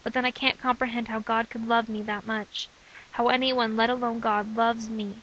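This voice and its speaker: A young woman reading aloud from her own diary in an earnest, steady way. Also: on the high side, normal speed, highs cut off, slight background noise. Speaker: narrator of own testimony.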